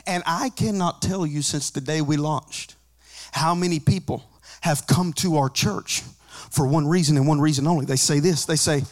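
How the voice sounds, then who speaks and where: A man preaching a sermon as a pastor, mixing joking asides with rising, shouted, sing-song preaching. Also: a little high, moderate pace. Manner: conversational asides with humor.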